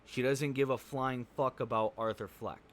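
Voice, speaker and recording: A man's voice: mid-range voice, fairly even intonation, moderate pace. Blunt, cussing man reviewing a movie. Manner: blunt, profane, rambling with fillers. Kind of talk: casual spoken review.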